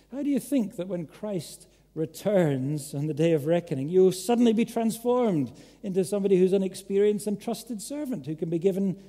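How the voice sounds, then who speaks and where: In a large church hall, with echoey sound, a man preaches earnestly and emphatically, pressing his listeners with direct questions. His voice sits high and has a warm tone.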